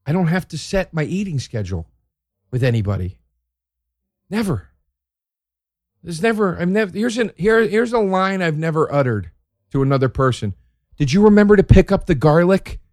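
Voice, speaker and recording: A man doing a profane, sarcastic stand-up routine, ranting and jumping from loud high outbursts to low mutters. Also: no room sound, studio quality. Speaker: stand-up comedian.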